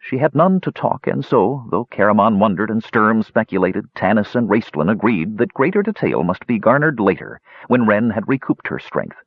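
A man reading a fantasy story aloud in an expressive storytelling manner. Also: on the low side, moderate pace, few pauses, breathy edge, dry recording. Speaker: audiobook narrator. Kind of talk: scripted fantasy narration. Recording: slightly dull lo-fi recording.

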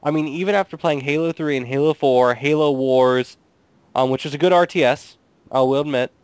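Dry, smooth-voiced young man hesitating. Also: a little high, a little fast, a little mellow, no room sound. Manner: dry, hesitant, many ums. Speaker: podcast co-host. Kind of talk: casual chat.

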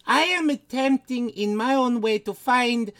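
A man's voice: on the high side, fairly even intonation, very fast, fairly bright tone, clean tone, no room sound, natural voice. A man putting on a vain noblewoman killer. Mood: mock-grand. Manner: mock-grand, playfully sinister put-on voice. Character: Lady Báthory, vain cruel noblewoman.

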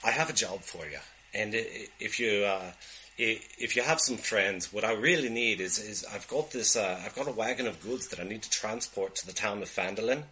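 A man voicing a gruff male dwarf merchant with a put-on Scottish accent, halting and earnest. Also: fairly low pitch, sharp tone, a little hiss or hum, poor audio. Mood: pleading. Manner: halting, stumbling speech.

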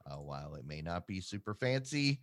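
With a sing-song voice and no echo, a male podcast co-host rambles through casual chat. He's self-deprecating and makes quick pitch jumps.

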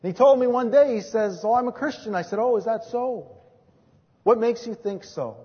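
High-voiced preacher in an echoing hall. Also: male voice, normal speed, breathy edge. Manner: storytelling, swings from hushed to emphatic. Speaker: pastor. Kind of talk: sermon with personal testimony. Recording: dull recording in a reverberant hall.

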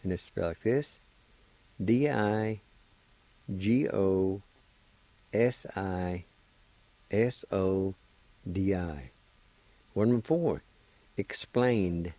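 A man hosting a radio language lesson, slowly spelling and pronouncing words syllable by syllable. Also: deep voice, warm tone, no room sound, poor audio. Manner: slow, deliberate, spells syllables one at a time. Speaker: language teacher and radio host. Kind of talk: slow spelling and pronunciation lesson.

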